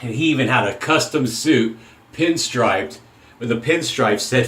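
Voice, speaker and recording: A man's voice: medium pitch, moderate pace, rough recording. A man hosting a shaving channel, rambling through an opinionated casual monologue and often cutting himself off mid-sentence. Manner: opinionated, rambling, self-interrupting.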